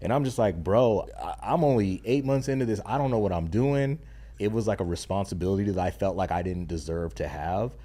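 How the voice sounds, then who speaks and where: Guesting on a podcast, this stay-at-home dad and content creator is a young adult man with a low-pitched, dark voice. His casual conversation is earnest, emphatic and full of slang.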